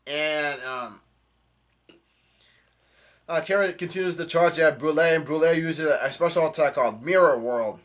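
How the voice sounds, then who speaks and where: A man's voice: fairly high pitch, moderate pace, pauses often, a bit bright. A man casually recapping a comic chapter, rambling with many fillers and restarts. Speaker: channel host.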